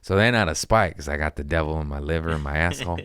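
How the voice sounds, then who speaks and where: Deep-voiced man telling loose, profane stories. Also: fast talker, a bit bright, clean tone, no echo, studio quality. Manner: loose, profane, laughing at his own stories. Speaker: comedian hosting a podcast. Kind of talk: casual storytelling chat.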